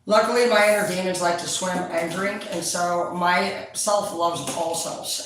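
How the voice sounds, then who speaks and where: A woman tarot reader chatting casually to her viewers, rambling, loud and full of swearing. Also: lowish voice, unhurried, few pauses. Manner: profane, loud, animated storyteller. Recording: echoey room, distant mic, faint noise.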